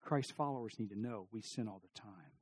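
A middle-aged man preaching a sermon, telling stories with lively emphasis, asking the congregation questions, and dropping to a near-whisper for serious points. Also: on the low side, brisk, slightly rough. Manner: animated storytelling, rising emphasis and sudden drops to near-whisper. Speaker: pastor.

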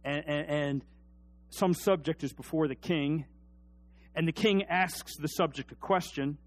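A man preaching a sermon, dropping to a near hush and then rising to loud, emphatic shouts, and putting questions to his congregation. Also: on the high side, a little slow, soft background music. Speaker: pastor.

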